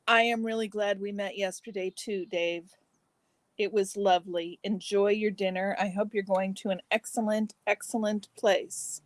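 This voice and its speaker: A woman's voice: mid-range voice, fairly even intonation, normal speed, no room sound, rough recording. Woman, stream host, casual chat with viewers, snacking, dry close mic. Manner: chatty, talks to viewers while eating. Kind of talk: casual chat reading comments.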